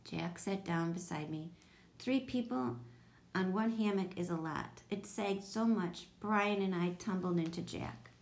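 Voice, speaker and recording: Gravelly-voiced woman reading a children's story. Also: fairly low pitch, unhurried, a little mellow. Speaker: audiobook reader. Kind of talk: storybook narration.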